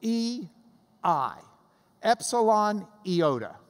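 A Bible study teacher giving a lively classroom lesson, chanting out rhythms to make a point. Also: medium pitch, drawn-out words. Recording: long reverb in a hall.

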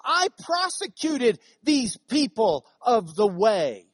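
A woman voicing the apostle Paul as a bold, emphatic man, pitched up and louder in a dry classroom recording. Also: sing-song, slow pace, breathy edge, no echo, full character voice. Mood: proclaiming. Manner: emphatic, proclaiming, raised and louder.

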